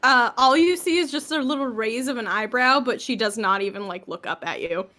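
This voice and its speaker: A woman's voice: a little high, a little fast, pushed and bright. A woman narrating a tabletop game as game master, talking casually with lots of fillers.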